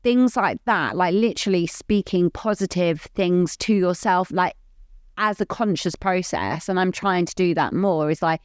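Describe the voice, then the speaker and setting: A woman with a slightly low voice, chatting candidly on a podcast. She rambles, fills her sentences with "like", and stays open and earnest throughout. The close mic sounds dry, with almost no room. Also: normal speed, clear, resonant tone, no room sound. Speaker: podcast co-host. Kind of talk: candid casual chat.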